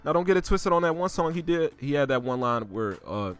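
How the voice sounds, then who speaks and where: A man casually ranting on his own channel, swearing freely and using slang, his voice climbing higher and louder as he gets worked up. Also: wildly swooping pitch, a little fast, hardly any pauses, faint music behind. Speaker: host reviewing rap lyrics. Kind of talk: casual rant.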